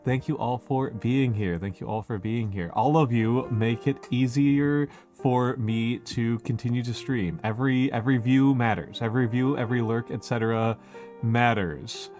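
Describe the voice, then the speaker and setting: A man at a middle pitch chats casually on a live stream, drawing out his greetings and filling pauses with ums and uhs. His talk is loose and unhurried, and faint music plays low behind him. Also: a little mellow. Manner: unhurried, drawn-out greetings with many fillers.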